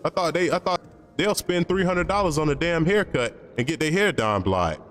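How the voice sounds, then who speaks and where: A man's voice: fairly high pitch, animated, normal speed, a bit bright, long reverb tail. A man streaming and chatting casually, blunt and opinionated, rambling with slang and profanity.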